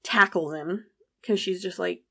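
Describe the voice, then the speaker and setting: Podcast host, female, gravelly fry, chatty true-crime storyteller. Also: fairly low pitch, measured pace, bright, forceful tone. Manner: chatty, recounts events with frequent "like" and quoted dialogue.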